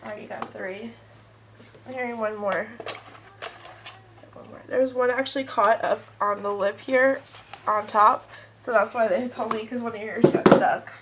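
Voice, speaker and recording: A woman's voice: fairly high pitch, steady tone, unhurried, pauses often, heavy background noise. Stuffy-nosed woman doing a chatty tarot reading. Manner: chatty, rambling, talks straight to viewers. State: stuffed up, sniffly nose. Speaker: tarot card reader. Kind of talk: casual pick-a-card tarot reading. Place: at home with kids and a puppy nearby.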